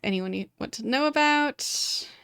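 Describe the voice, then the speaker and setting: A woman's voice: sits high, expressive, measured pace, a bit bright, no echo, studio quality, exaggerated voice. A woman putting on a cagey old gravedigger man. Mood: evasive. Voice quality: defensive, evasive rambling. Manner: puts on a thick gruff accent. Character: scruffy but dapper male graveyard keeper.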